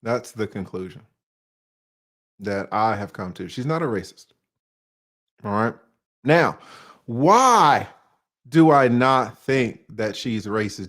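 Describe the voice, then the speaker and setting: With a lowish, slightly bright, sing-song voice, this Atlanta man in his forties talks slowly and leaves long pauses. A Southern-accented online commentator, he keeps his monologue to the audience casual, slangy and full of rhetorical questions.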